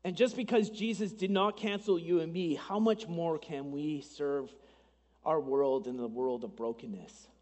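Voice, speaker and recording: Man, pastor, high voice, sermon, conversational, asides, dramatized quotes. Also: unhurried, darkish tone, big-room sound. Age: adult, married.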